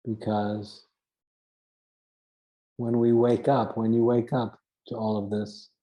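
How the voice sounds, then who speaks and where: A man's voice: fairly low pitch, little pitch movement, slow, warm tone, low-quality recording. A man giving an earnest spiritual teaching talk, stressing his points by repeating phrases and now and then chuckling at himself.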